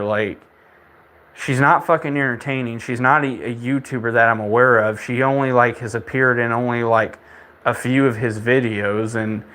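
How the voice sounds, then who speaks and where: Young man, middle pitch, casual podcast rant, profane, scornful, rambling, stammering restarts. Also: sharp tone. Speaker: podcast host. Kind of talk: casual ranting monologue.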